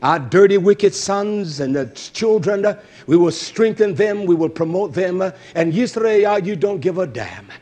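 A man delivers a fiery sermon in a raised, high voice. His pitch leaps all over the place. He shouts and curses, then falls to a low mutter. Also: expressive, a little slow, hardly any pauses. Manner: shouting, cursing and swinging between loud outbursts and low muttering. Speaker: preacher. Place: religious feast gathering.

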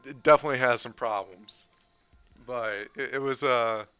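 A man co-hosting a casual stream, reading chat aloud and talking in a relaxed, hesitant way with many fillers. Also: mid-range voice, moderate pace, smooth, no echo, soft background music.

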